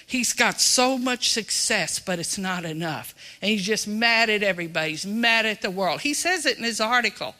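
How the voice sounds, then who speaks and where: Bright-voiced preacher with a drawl. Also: mid-range voice, expressive, moderate pace, few pauses. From Texas. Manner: folksy, emphatic, swings between loud and hushed. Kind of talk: sermon.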